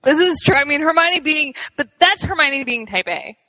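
A woman's voice: sits high, lively intonation, moderate pace, pushed and bright, in a large hall, poor audio. A woman co-hosting a podcast in casual chat, chatty, laughing often and restarting sentences. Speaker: podcast co-host.

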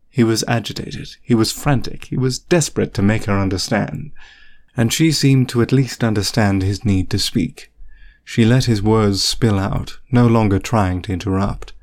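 A man narrating a story in an audiobook reading, with steady storytelling delivery. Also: on the low side, moderate pace.

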